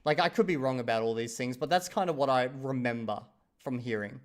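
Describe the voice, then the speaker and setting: A man, a young adult, chatting casually on a live stream and reading viewer comments aloud, animated and quick to laugh, with casual swearing. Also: mid-range voice. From Australia.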